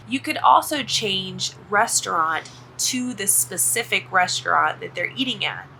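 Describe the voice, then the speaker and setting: Woman, English teacher, slow encouraging delivery, faint room ambience. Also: medium pitch, creaky, bright, forceful tone, slight background noise. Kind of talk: scripted English grammar lesson.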